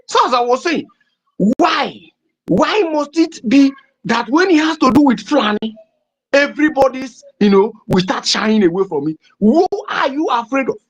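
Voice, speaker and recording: Fervent Nigerian man with a lively pitch. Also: moderate pace. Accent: Nigerian English. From southeastern Nigeria. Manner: fervent, emphatic, repetitive rhetoric. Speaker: political activist. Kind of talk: impassioned political address. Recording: dull lo-fi recording.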